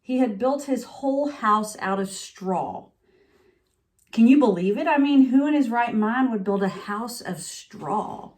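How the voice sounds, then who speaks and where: A woman's voice: a little high, unhurried, a little mellow, lightly acted. A woman reading a picture book aloud as a sniffly, self-pitying male wolf who tells his side of the story in a confiding voice.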